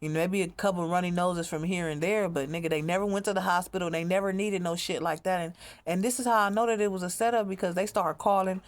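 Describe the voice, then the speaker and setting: A woman's voice: on the low side, fairly even intonation, fast talker. A woman speaking in a rambling, profane monologue as a mother telling her own story, often repeating herself. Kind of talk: emotional monologue to camera.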